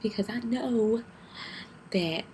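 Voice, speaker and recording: A young woman telling a personal story in a vlog, halting and tearful, with many fillers and restarts, keeping her voice down. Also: fairly high pitch, darkish tone, a little hiss or hum, rough recording. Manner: keeps her voice down. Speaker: vlogger.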